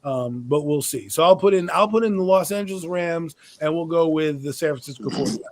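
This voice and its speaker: High-voiced blunt sports podcast man. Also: brisk. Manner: opinionated, blunt, swears. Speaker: podcast host. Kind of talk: casual sports talk podcast.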